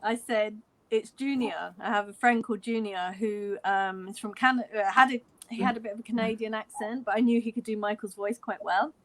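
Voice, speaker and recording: A woman's voice: medium pitch, a little fast. An English woman in her forties, a fan, telling a story in a casual way on a video call, quoting dialogue and laughing often. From London, England. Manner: animated retelling with quoted dialogue and frequent laughter. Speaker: fan guest sharing a story.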